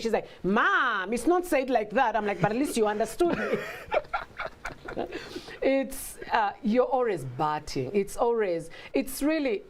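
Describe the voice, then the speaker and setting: A woman guest in a casual talk, telling stories with lively acted-out quotes and frequent laughter. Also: fairly low pitch. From Africa. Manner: animated storytelling, acts out quotes, laughs often. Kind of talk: casual conversation.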